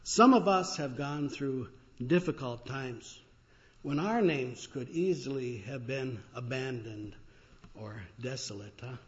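A man preaching a sermon as a pastor, telling stories in an unhurried, reflective way with pauses and fillers. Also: mid-range voice. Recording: dull lo-fi recording.

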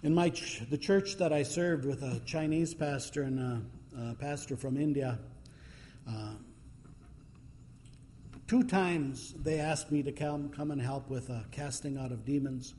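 A man's voice: medium pitch, measured pace, warm tone, long reverb tail. A man preaching a sermon, telling stories in a casual, conversational way with fillers.

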